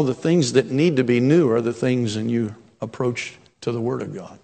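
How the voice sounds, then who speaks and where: A man's voice: medium pitch, a little fast, few pauses. A man in his sixties preaching a sermon in a folksy, storytelling way, building to emphatic peaks. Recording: long hall reverb.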